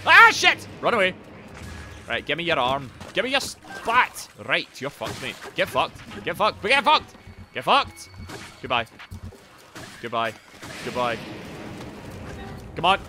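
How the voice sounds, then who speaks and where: Sweary, excitable man streaming a game. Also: mid-range voice. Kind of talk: live gameplay commentary and chat.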